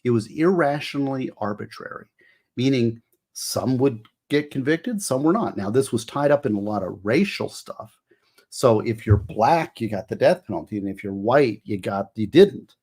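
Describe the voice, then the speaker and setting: A man's voice: medium pitch, expressive, moderate pace, darkish tone, breathy edge. A middle-aged man hosting a casual livestream, rambling and emotional as he explains law. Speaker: livestream host.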